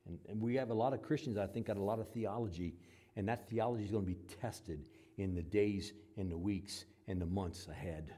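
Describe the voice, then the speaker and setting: A man preaching a sermon, moving between loud emphatic passages and quiet conversational asides, and acting out the voices he quotes. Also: on the low side, brisk. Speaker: pastor.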